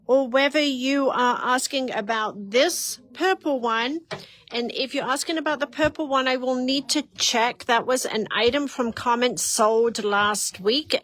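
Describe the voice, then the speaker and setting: High-voiced woman answering viewer comments. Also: a bit bright. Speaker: co-host of a shop live stream. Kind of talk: casual live-stream chat.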